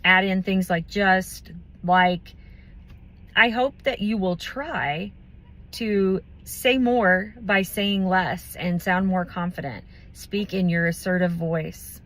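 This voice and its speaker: A woman giving a motivational talk about communication, thoughtful and unhurried, with pauses and fillers. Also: lowish voice, a bit bright. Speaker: business community speaker.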